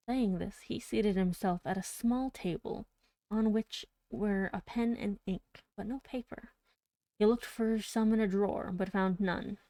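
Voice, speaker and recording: A woman reading a classic story aloud on a live stream, slipping into chatty, giggly side comments between passages. Her voice is mellow and warm, and the sound is dry and close to the mic. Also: medium pitch, fairly even intonation, a little slow, no room sound.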